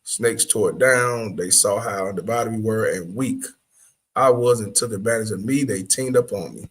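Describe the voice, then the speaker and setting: A man's voice: on the low side, moderate pace, slightly rough. A man hosting a casual reaction show, profane and laughing often as he comments. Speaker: host.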